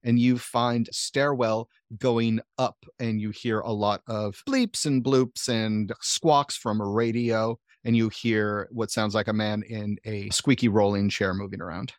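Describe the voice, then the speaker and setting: A man's voice: fairly low pitch, steady tone, unhurried, few pauses, no echo, studio quality. A man running a tabletop game as game master, narrating casually and cursing now and then. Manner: casual, swears freely.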